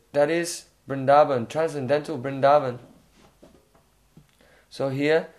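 Man giving a slow devotional lecture. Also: on the high side, darkish tone. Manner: frequent questioning "hmm?" to listeners; unhurried, reflective storytelling. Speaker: spiritual teacher.

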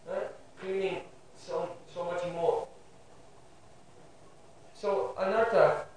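High-voiced man lecturing in an echoey room. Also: slight background noise. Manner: checks in with listeners with a questioning "hmm?". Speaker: spiritual teacher giving a class. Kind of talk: devotional lecture. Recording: very echoey room, voice far from mic.

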